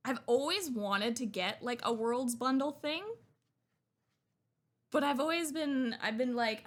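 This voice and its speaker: A young woman streamer chatting excitedly while unboxing, gushing and talkative. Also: on the high side, normal speed.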